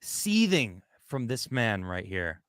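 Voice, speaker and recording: A male host speaks in a bright, forceful voice, heated and ranting as he comments. His delivery is full of quick restarts. The sound is dry and close, with no room around it. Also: lowish voice, big pitch swings, clean tone, no room sound. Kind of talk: casual commentary chat.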